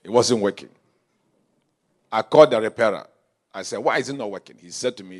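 A male pastor preaching a sermon in a church, telling stories and swinging from quiet asides to shouted calls. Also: on the low side, fairly quick.

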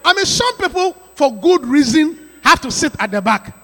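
A pastor delivers his sermon in a strikingly high, animated voice with a bright, forceful edge. He repeats his points with emphasis and breaks into sudden shouts. The sound rings with the long reverb of a church hall. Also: moderate pace. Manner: emphatic, repetitive preaching with rising shouts. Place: church sanctuary.

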